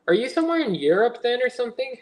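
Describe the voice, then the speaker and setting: A man's voice: extremely high pitch, sing-song, racing. A young man hosting a casual livestream while he builds, chatting and rambling as he answers viewers. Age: young adult. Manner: chatty and rambling, reading chat aloud and answering it. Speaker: livestream host.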